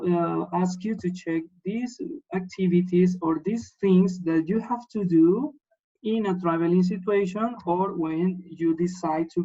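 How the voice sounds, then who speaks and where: A man's voice: sits high, a little mellow. Patient male teacher on a lo-fi laptop mic. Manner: patient, repeats words and checks in with "yes?". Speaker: English teacher. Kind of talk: online class instruction.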